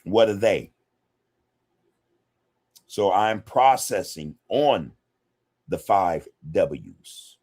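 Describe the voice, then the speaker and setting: Man, podcast host, very low voice, casual livestream chat, slangy, keeps saying man and you know. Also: lively intonation, very slow, pauses often, a little mellow. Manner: loose, slangy, addresses viewers directly with frequent "man" and "you know". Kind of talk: casual livestream chat, reading viewer comments.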